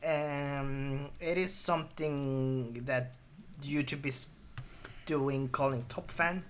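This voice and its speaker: A man's voice: on the high side, slow, a bit bright. A man streaming a game, chatting casually and rambling, joking and laughing at his own impressions. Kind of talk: casual chat over gameplay. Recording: game and vehicle noise behind.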